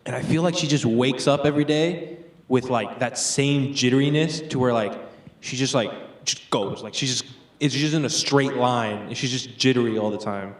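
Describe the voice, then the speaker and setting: A teenage boy answers a panel question in a casual, meandering way, leaning on fillers as he thinks aloud. His voice sits in an ordinary middle range. The sound carries a clear room echo from a school hall. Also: medium pitch, moderate pace, recorded from a distance. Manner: rambling, full of "like" and "um". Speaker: student panelist. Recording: echoey room.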